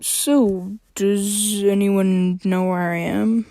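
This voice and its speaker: A stammering, grumpy fox-tailed young man, as a woman reads him aloud. He is stammering and unhurried in a dry, close recording. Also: medium pitch, fairly even intonation, warm tone, no room sound. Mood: impatient. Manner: stammering, sighing. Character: young male fox-tailed stranger, grumpy then eager.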